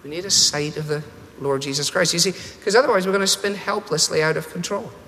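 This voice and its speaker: Man preaching, bright voice, animated storytelling, long hall reverb. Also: brisk, a little hiss or hum. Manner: storytelling, animated, shifts pitch for quoted voices. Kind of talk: sermon.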